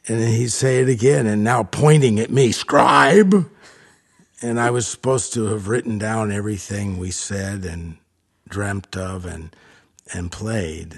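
A man being interviewed as a musician guest, telling stories in a halting, rambling way and trailing off into mumbles. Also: low voice, vocal fry, darkish tone, slightly rough.

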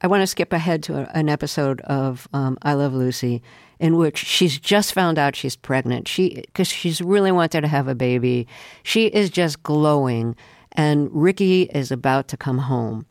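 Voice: mid-range voice, normal speed, no room sound, studio quality. A radio host asking questions and setting up clips in a curious, conversational way. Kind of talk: radio interview.

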